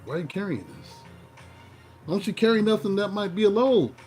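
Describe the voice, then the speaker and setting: A man giving a casual tarot reading, playful and animated, breaking into joking mock voices. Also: high voice, fairly quick, faint music behind. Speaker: tarot reader.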